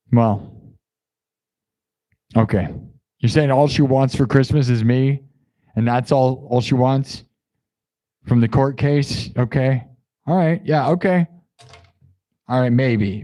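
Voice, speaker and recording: A man at a middle pitch hosts a live improv music stream. He chats loosely with his audience and wanders between jokes and asides. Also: darkish tone. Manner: playful, rambling, joking asides to chat. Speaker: livestream host and improv musician. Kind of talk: casual livestream banter.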